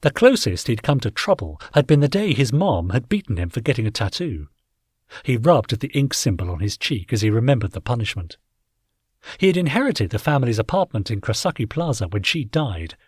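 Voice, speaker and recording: A man narrating a science-fiction audiobook in an expressive storytelling manner. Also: mid-range voice, husky, dry recording, studio quality. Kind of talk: scripted narration.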